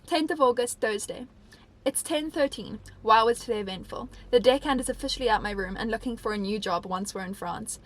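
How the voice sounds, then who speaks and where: A woman's voice: fairly high pitch, brisk. A young woman from Africa, chatting casually and reading diary entries aloud, rambling with lots of "like". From South Africa. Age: young adult. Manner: chatty and rambling, heavy use of "like". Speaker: vlogger.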